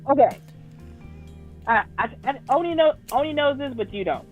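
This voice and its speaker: A man with a high, lively voice that swoops up and down as he rants. He sounds exasperated and curses freely in casual chat, with soft music faint in the background. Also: moderate pace, phone-quality sound. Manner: animated, exasperated ranting with cursing. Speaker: podcast co-host.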